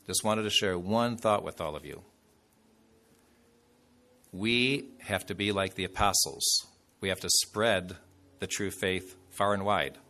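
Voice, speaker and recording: Man, bishop, storytelling sermon, low voice, forceful tone, casual asides. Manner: conversational, loose anecdotes with fillers.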